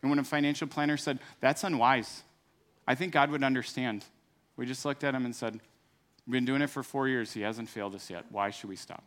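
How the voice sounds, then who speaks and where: A man's voice: mid-range voice, fairly even intonation, fairly quick, fairly bright tone. A middle-aged man preaching a sermon in an earnest, conversational way, then moving into a fervent prayer. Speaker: pastor.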